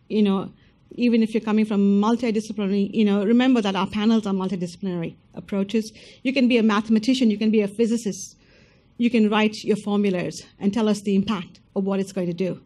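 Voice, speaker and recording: A woman's voice: fairly high pitch, a little mellow. A woman presenting at an information session, speaking directly and emphatically to applicants and checking in with them often. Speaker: scholarship program presenter.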